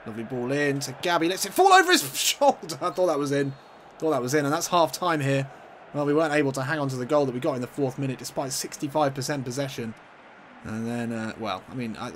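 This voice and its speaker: A man gives let's-play commentary on a football video game he's playing, putting on a mock broadcast style that keeps breaking into frustrated outbursts. He has a mid-range, slightly bright voice, and there's a faint hiss or hum.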